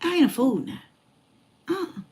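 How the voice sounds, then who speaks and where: A woman in her forties telling a personal story in a lively, colloquial way, repeating phrases for emphasis. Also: sits high, normal speed. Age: 40s. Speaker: motivational speaker.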